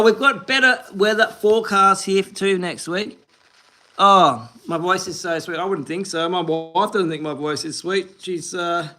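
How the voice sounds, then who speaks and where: A man's voice: high-pitched, pushed and bright. An Australian man in his forties, hosting a fishing livestream, chatting upbeat and rambling while reading viewers' comments and greeting them by name. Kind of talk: casual live-stream chat reading comments.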